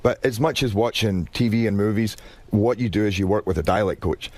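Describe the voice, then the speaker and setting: A Scottish man, an actor guest, chatting in a radio interview with quick restarts and animated storytelling. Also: fairly low pitch, no echo. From Scotland. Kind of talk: casual radio interview chat.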